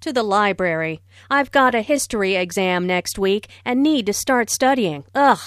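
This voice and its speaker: A woman's voice: medium pitch, animated, normal speed, no echo, clean studio sound, lightly acted. A woman reading the part of a young female student in a scripted language-lesson dialogue, in a plain, polite conversational way.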